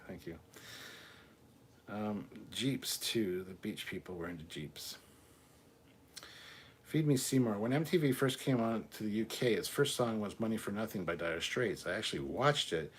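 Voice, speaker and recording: Low-voiced man reading chat. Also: a little hiss or hum. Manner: reads viewer comments aloud, then answers offhand with swearing. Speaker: livestream host reading chat. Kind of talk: casual live chat.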